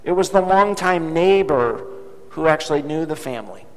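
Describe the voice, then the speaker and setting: Male preacher, high and animated, storytelling sermon, reverberant hall recording. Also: normal speed. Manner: dramatic, emphatic repetition.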